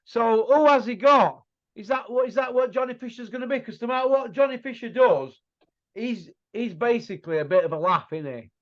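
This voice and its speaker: An extremely high-pitched man speaks fairly quickly here. Middle-aged, he hosts a casual boxing discussion, jeering bluntly and tossing out tag questions, all captured on muffled, lo-fi sound.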